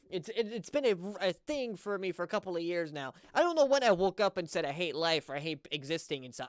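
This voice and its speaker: A young man in his twenties reacts to music on his channel, talking in a candid, rambling way that circles back on itself. His voice is smooth and clear. It sits close and dry, with no room sound. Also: sits high, no room sound. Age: 20s. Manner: earnest, confessional, rambling with repeats. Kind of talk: candid casual reaction commentary.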